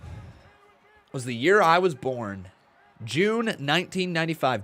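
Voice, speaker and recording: Young dude doing a watch-along stream, kinda tired, yawning, bright voice. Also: male voice, on the high side, big pitch swings, a little slow, soft background music. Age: 20s. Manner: chatty, reads chat aloud, breaks into play-by-play. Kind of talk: casual live-stream commentary and chat reading.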